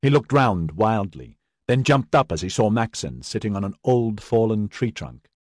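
A man reads a fantasy novel aloud with lively, swinging intonation and a husky grain. The recording is dry and close, with no room sound. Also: on the low side, normal speed, dry recording. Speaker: audiobook narrator. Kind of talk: scripted narration.

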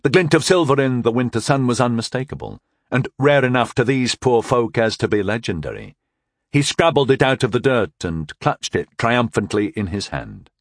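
Male narrator, wry first-person storyteller, expressive pitch, dry booth sound. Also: moderate pace, no echo. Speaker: audiobook narrator.

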